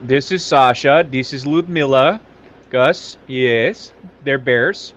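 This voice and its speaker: A man's voice: slow, muffled recording. A man voicing a brash, pushy male Russian film director with a mock accent and broken English. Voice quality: broken English, higher and louder than his own voice.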